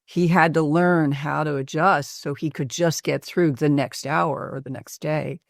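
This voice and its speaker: A woman's voice: deep voice, fairly even intonation, measured pace, gravelly, dry recording, clean studio sound. Reflective woman psychiatrist telling a case. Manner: reflective storytelling with frequent fillers. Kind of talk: recounting a patient case.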